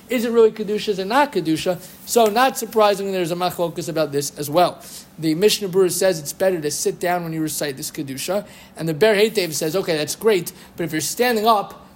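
High-voiced man teaching Jewish law. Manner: lively, quotes rabbinic sources, chants Hebrew phrases. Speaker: Torah teacher. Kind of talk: halachic lecture.

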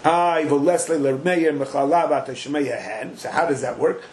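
A man giving a Talmud class, chanting the quoted text in an animated sing-song. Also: fairly high pitch, normal speed, slight background noise, rough recording. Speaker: Talmud teacher.

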